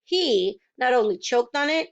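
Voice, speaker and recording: A woman reading a children's novel aloud in a steady, plain storytelling voice. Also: sits high, unhurried. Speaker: reader. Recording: dull lo-fi recording.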